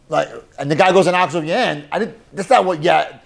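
A man teaching a lively Talmud class, mixing Hebrew and Yiddish terms and joking with his students. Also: on the high side, a little fast, creaky.

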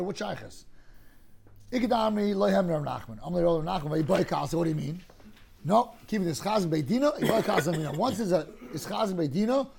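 A man teaching a Talmud class, explaining cases through lively hypothetical scenarios and often clearing his throat. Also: sits high.

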